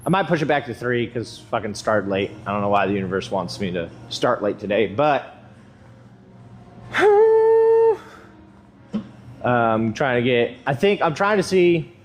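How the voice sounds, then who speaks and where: Young male vlogger, mid-pitch, loose and profane gym chatter, faint background hiss. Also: lively intonation, normal speed. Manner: profane, rambling, self-mocking. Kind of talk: casual chat while working out.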